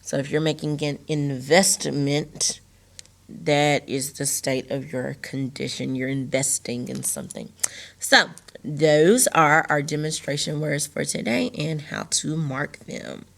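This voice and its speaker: A woman teacher giving a recorded lesson to young students, slowly enunciating words and sounds for them to repeat. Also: sits low, creaky. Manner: slow, deliberate, enunciating words for young learners.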